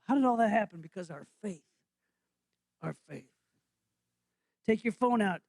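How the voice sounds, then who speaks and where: A man's voice: sits high, expressive, unhurried, gravelly, darkish tone. A male pastor giving a playful, interactive sermon in a church, quizzing the congregation. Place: church sanctuary.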